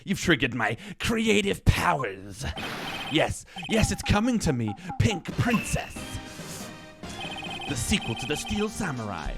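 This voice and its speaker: Game role: a man putting on a smug, loud director, nasal cartoon drawl, swoopy. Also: on the high side, very animated, measured pace, vocal fry, music in the background, full character voice. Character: smug slangy male film director, lazy and loud.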